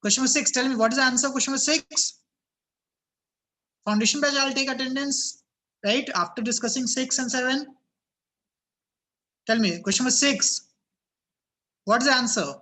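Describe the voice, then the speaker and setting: A man's voice: very high voice, moderate pace, long pauses, bright, forceful tone. A man teaching a physics class over a video call, his voice cracking, repeatedly asking students "yes or no?" and telling them to think about it.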